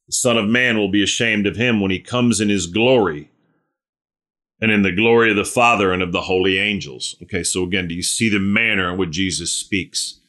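A man's voice: normal speed, pushed and bright. A man preaching a sermon in an earnest, emphatic way, repeating phrases, asking rhetorical questions and restarting often. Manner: earnest, emphatic, repeats phrases, rises in pitch on key words.

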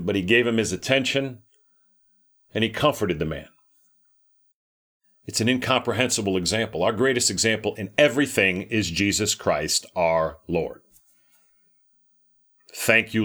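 A man's voice: lowish voice, moderate pace, long pauses, sharp tone. Man giving a casual, conversational sermon. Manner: conversational, repeats words, asks "right?". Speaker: preacher. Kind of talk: informal sermon.

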